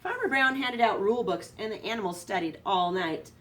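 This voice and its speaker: A woman teacher reading a picture book aloud to her students, expressive and lively. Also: mid-range voice, a little fast, a little hiss or hum. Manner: expressive read-aloud, voice rising for excitement. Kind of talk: storybook read-aloud to students. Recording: distant from the microphone.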